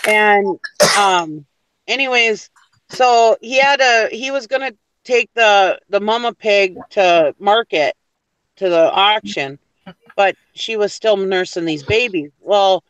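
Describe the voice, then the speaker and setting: High-voiced rambling male storyteller. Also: slow, fairly bright tone, clear, resonant tone, no room sound, lo-fi sound. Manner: rambling, with many restarts and fillers. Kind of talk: casual chat, storytelling.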